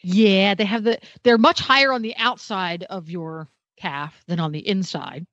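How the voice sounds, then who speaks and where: A woman's voice: mid-range voice, unhurried, fairly bright tone, dry recording, muffled recording. A woman reviewing a product on a radio talk show, chatty and detailed, with self-deprecating humor.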